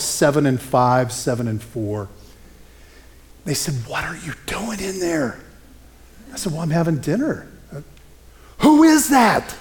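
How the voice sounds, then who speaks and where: A middle-aged male pastor preaching a sermon, telling stories in an animated, conversational way. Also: fairly high pitch.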